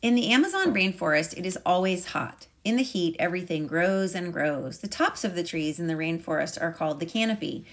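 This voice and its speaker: A woman teacher reading a picture book aloud to a class in a calm, measured way. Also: fairly low pitch.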